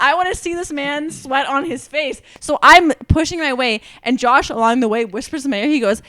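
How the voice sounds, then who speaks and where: A woman's voice: sits high, fairly quick, few pauses. A young woman co-hosting a podcast, telling a wild story in casual chat, swearing and laughing as she goes. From Canada. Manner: animated, swearing, laughing through her story. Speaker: podcast co-host.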